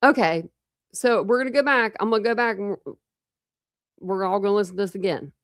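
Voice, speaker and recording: A woman's voice: mid-range voice, a little fast, no echo, clean studio sound. A woman hosting a true crime livestream, chatting casually with viewers and thinking aloud with many restarts. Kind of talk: casual chat with live viewers.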